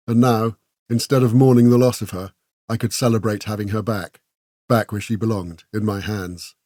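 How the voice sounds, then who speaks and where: A man narrating an audiobook in a measured, scripted reading voice. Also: fairly low pitch, mellow, no room sound, clean studio sound.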